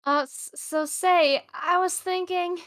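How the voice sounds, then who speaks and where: Brief: woman playing a soft-spoken lovestruck young man, high dry voice. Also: fairly even intonation, slow, no room sound, full character voice. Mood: adoring.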